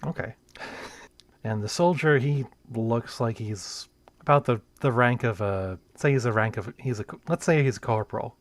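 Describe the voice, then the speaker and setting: A man narrating as game master of a tabletop role-playing game, with many pauses and restarts. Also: mid-range voice, no room sound.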